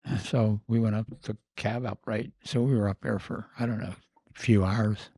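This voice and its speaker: A man's voice: lowish voice, fairly even intonation, moderate pace, dark tone, dry recording, clean studio sound. An older man who is a podcast guest, telling long rambling anecdotes full of fillers. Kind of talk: casual storytelling.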